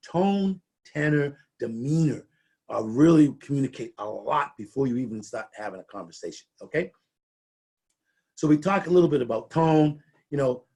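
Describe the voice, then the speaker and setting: A man's voice: medium pitch, gravelly, a little mellow, breathy edge. A middle-aged man giving a conversational training presentation, often restarting and repeating words as he talks.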